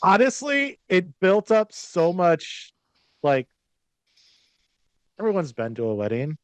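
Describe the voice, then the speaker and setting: Smooth-voiced man, lots of "like". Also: high-pitched, huge pitch swings, takes it slowly, no room sound. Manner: enthusiastic, constant "like" fillers. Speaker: panelist. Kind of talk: casual film discussion.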